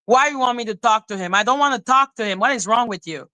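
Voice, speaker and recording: A woman's voice: on the high side, fast talker, sharp tone, dry recording. A woman ranting on a livestream, heated and profane, who often repeats herself. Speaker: live streamer. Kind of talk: angry livestream rant.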